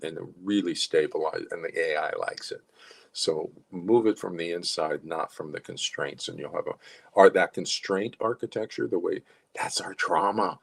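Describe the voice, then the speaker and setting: Psychologist host, male, husky and low, loose conversational monologue with many restarts. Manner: rambling, conversational, frequent restarts. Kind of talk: casual spoken monologue.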